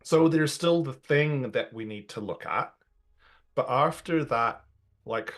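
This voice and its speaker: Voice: mid-range voice, slow. Rambling, questioning tabletop player. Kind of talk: casual chat.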